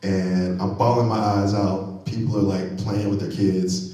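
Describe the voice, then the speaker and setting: A man doing a stand-up comedy set on stage, animated and loud on punchlines, laughing at his own jokes. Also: deep voice, measured pace. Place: comedy venue stage, live audience. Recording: very echoey hall, mic from far off.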